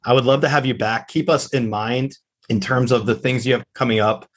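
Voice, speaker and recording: A man's voice: medium pitch, fairly even intonation, brisk. Guy hosting a podcast, gushing over his guest, stumbles and restarts a lot. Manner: warm, effusive praise with filler restarts. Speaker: podcast host. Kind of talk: interview hosting.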